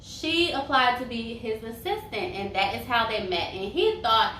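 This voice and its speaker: A woman's voice: a little high, lively intonation, moderate pace, pushed and bright. A young woman chatting casually as she reviews a reality TV show, sassy and full of tangents. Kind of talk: casual chat. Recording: roomy echo, mic far off, faint hiss.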